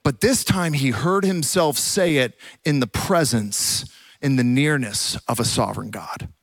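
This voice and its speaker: A man preaching a sermon as a pastor, telling the story with animated energy and dropping to a hush for the quiet parts. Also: medium pitch, a little slow, no echo. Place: church.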